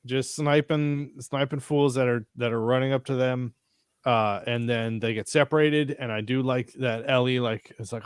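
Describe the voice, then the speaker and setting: A man co-hosting a casual review podcast, talking in a middle-pitched voice and cursing freely as he retells scenes. He gets excited and acts out the characters' reactions. The sound is dry and close, with no room echo. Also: normal speed, clean tone. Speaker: podcast co-host. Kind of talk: casual chat reviewing a TV episode.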